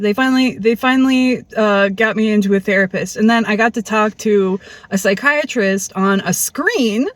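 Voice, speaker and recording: A woman's voice: a little high, no echo. Blunt, profane woman telling her story. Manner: blunt, profane, animated, acts out quoted people. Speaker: vlogger telling a personal story. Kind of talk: candid storytelling monologue.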